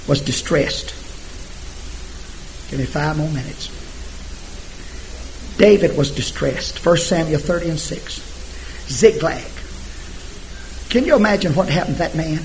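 A man preaching a sermon emphatically, swinging from hushed asides to shouted scripture. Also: fairly high pitch, expressive, takes it slowly, pauses often, slight background noise, rough recording.

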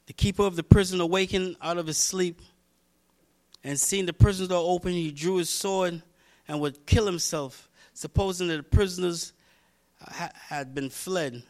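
High-voiced preacher building a sermon. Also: male voice, moderate pace. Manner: repetitive, building to shouts; reads scripture aloud, talks to congregation by name. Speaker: pastor.

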